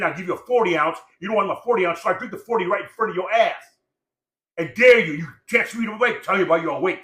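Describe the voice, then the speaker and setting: Loud preachy man ranting in an echoey room. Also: sits high. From Samoan heritage, born in Los Angeles. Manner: profane, preachy, repetitive, rapid-fire. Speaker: podcast guest. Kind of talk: casual ranting talk.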